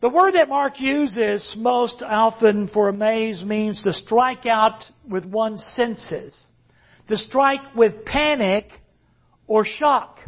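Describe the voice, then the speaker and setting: A man's voice: sits high, takes it slowly, muffled recording. A man preaching a sermon as pastor, emphatic and leading the congregation in call-and-response.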